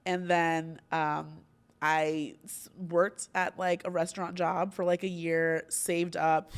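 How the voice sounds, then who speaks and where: A woman's voice: lowish voice, level tone, slow, clear, resonant tone. A young woman from Orlando, hosting a podcast, telling a story in casual chat with many fillers and frequent laughs. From Orlando, Florida. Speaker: podcast host.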